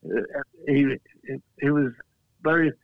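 A man's voice: mid-range voice, a little slow, creaky, dry recording. An English man, a flag maker, chatting casually in an interview and telling rambling stories with many restarts and chuckles. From England. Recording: tinny phone line.

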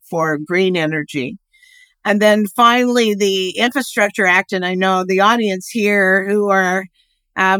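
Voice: mid-range voice, a bit bright, clear, resonant tone, no echo. An expert guest giving long, rambling interview answers with many fillers and restarts.

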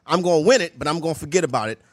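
A man's voice: fairly high pitch, lively intonation, racing, no room sound, studio quality. A man hosting a sports radio show, loose and joking, chatting with callers and co-hosts. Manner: loose, joking, talks while eating. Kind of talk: casual sports radio banter.

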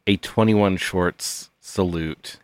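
A man co-hosting a comedy podcast, joking with mock solemnity in a deadpan manner. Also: low voice, slow, slight background noise. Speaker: podcast co-host. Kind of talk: casual comedic chat.

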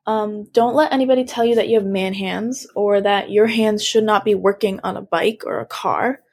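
A woman's voice: mid-range voice, steady tone, moderate pace. A teenage woman being interviewed, talking casually and frankly. She is emphatic, full of fillers, and sounds plainly young. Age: teens. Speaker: interview guest.

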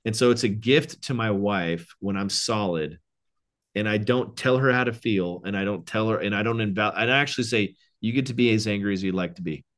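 A man who is a guest and men's coach on a podcast, telling animated stories and acting out quoted lines, growing excited as he talks. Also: fairly low pitch, a little fast. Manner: animated storyteller, quoting others, excited. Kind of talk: casual interview chat.

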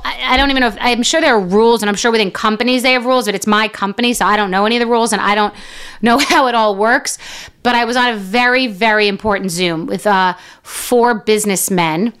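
A woman's voice: a little high, steady tone, fairly quick, a bit bright, smooth. Rambling, profane middle-aged woman. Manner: rambling, profane, self-mocking storytelling. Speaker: business owner telling a story. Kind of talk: casual monologue.

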